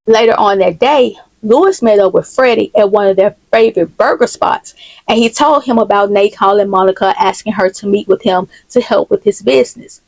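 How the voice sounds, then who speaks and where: A woman's voice: medium pitch, fairly quick, gravelly, darkish tone, dry recording, rough recording. Woman narrating a story recap, close and dry.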